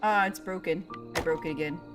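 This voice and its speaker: A woman's voice: lowish voice, brisk, over music. A young woman, playfully chatting with her viewers by name while streaming a cozy game. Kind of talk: casual live-stream chat with chat.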